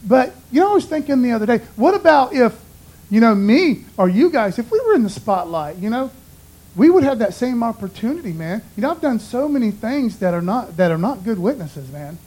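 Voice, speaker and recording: A man's voice: extremely high pitch, very animated, a little fast, a little mellow, breathy edge, low-quality recording. A man giving an informal, conversational sermon in a folksy way, often dropping "man" and "you know". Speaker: preacher.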